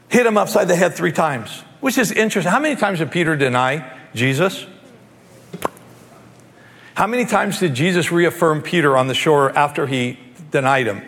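Animated preacher man in an echoing hall. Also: fairly high pitch, normal speed, pauses often. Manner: animated, emphatic, acts out scripture. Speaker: pastor. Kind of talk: sermon. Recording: long hall reverb.

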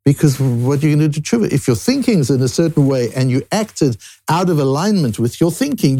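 A man's voice: on the high side, brisk, no room sound. A man teaching a Daf Yomi Talmud lesson, with restarts and rising emphasis on key points. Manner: animated rising emphasis, frequent restarts, Hebrew and Yiddish terms.

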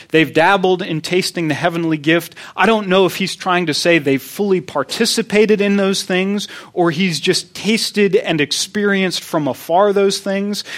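A man's voice: on the high side, fairly bright tone. A man preaching a sermon, teaching earnestly and repeating key points for emphasis. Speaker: pastor.

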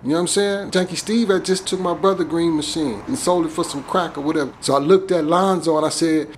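A man's voice: on the high side, fast, few pauses, a little hiss or hum. A man recounting a traumatic childhood memory in casual, profane storytelling. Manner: profane, conversational, vivid. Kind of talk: personal storytelling.

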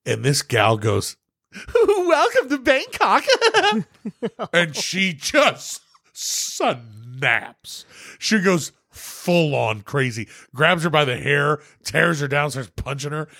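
A man's voice: medium pitch, takes it slowly, gravelly, dry recording, studio quality. A man hosting a casual chat, telling stories with lots of swearing and laughter. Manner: animated storyteller, swears a lot, laughs often. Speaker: podcast host.

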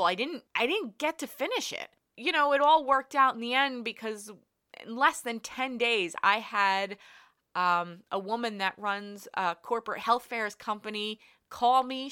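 Bright, candid woman podcast host. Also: on the high side, clear, resonant tone. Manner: candid, animated storytelling with quoted asides. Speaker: podcast host and health coach. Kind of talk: casual solo podcast monologue.

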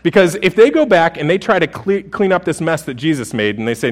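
A man's voice: fairly high pitch, quick pace, hardly any pauses. Conversational, joking male pastor. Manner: conversational and humorous, with many restarts. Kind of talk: sermon.

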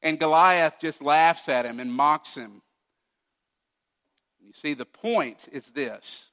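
A male pastor preaching a sermon with emphatic delivery, swinging from loud declarations to hushed asides. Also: a little high, slow.

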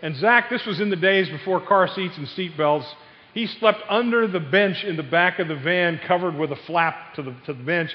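An older man preaching a sermon, telling family stories with sudden loud outbursts. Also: sits high, moderate pace. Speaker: pastor. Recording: dull sound with long hall reverb.

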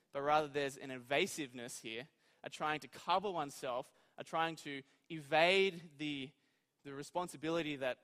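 High-voiced preacher in a reverberant hall. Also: male voice, a bit bright. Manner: informal, asks the audience questions. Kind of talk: conversational sermon.

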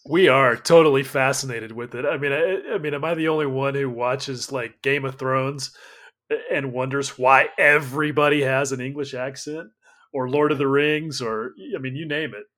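A man's voice: mid-range voice, moderate pace, a bit bright. American man bantering casually. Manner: loose, swearing banter. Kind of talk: casual podcast chat.

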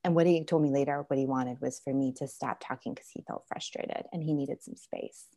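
A woman's voice: rumbling low, steady tone, a little fast, mellow. A woman in her thirties, a parenting coach and podcast guest, telling a candid story with laughs and fillers.

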